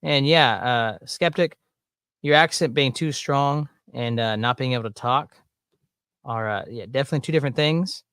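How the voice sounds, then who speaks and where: A man with a thick Southern drawl chats his way through a watch-along, wandering from thought to thought. His tone is offhand and filler-heavy, with frequent laughter. The voice sits at an ordinary male pitch, recorded close and dry. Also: moderate pace, fairly bright tone, smooth, no echo. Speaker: streamer reacting to videos. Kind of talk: casual watch-along commentary.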